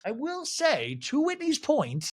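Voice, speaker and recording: A man's voice: very high-pitched, wildly swooping pitch, unhurried. A man hosting a solo TV recap podcast, gossipy and sarcastic as he talks through an episode. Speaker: podcast host.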